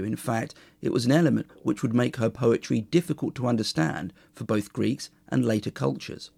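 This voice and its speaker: A male podcast host with a heavily gravelly, fry-laden voice talks at a middle pitch. He explains history with measured enthusiasm and reads verse aloud. The sound is dry and close, with no room around it. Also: darkish tone, no room sound. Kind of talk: educational podcast monologue and poetry reading.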